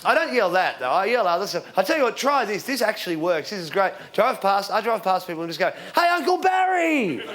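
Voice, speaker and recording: An Australian man in his forties doing stand-up comedy, telling rambling deadpan stories with sudden shouted punchlines. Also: high-pitched, quick pace, few pauses. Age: 40s. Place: theatre stage with live audience. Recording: live show with loud crowd laughter.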